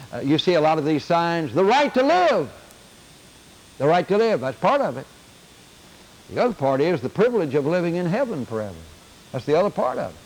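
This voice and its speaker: A man's voice: on the high side, slight background noise, poor audio. An older man teaching a Bible class in an earnest lecture, often repeating key phrases for emphasis.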